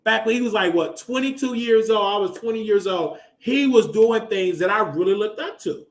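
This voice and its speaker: A man in his thirties hosting a casual commentary show, talking emotionally and bursting into loud exclamations. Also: high voice, animated, moderate pace. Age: 30s. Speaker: show host.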